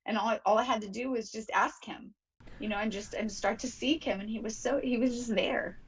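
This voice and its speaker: A woman's voice: on the high side, a little fast, a little hiss or hum, poor audio. A young woman, a talk show guest, tells a personal story in an earnest, emotional way, often restarting her sentences. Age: young adult.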